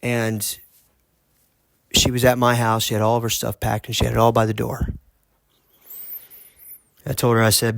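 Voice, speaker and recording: A man's voice: medium pitch, monotone, gravelly. Guy on his podcast, earnest, keeps restarting sentences, dry sound, no room echo. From United States. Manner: earnest, halting, with frequent restarts. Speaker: podcast host. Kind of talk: personal storytelling monologue.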